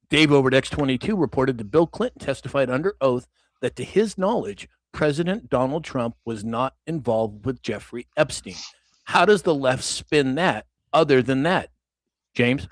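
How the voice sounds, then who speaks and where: A man's voice: medium pitch, no echo. A man hosting a live stream in a chatty way, thanking viewers and calling on panelists.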